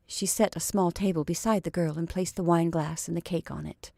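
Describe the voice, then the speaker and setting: Female storyteller, measured expressive reading, close dry recording. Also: on the low side, gravelly, no echo. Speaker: narrator. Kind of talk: scripted narration of a classic story.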